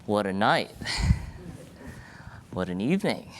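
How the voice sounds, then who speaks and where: A man in his twenties, a medical student giving a playful, energetic live talk to an audience in an event room. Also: fairly low pitch, slow pace, a little hiss or hum.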